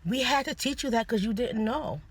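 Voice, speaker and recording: Young woman vlogging her opinion, earnest and halting, lots of restarts, dry close sound. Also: on the high side, husky, dry recording. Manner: earnest, hesitant, many restarts and apologies. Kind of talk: personal opinion monologue.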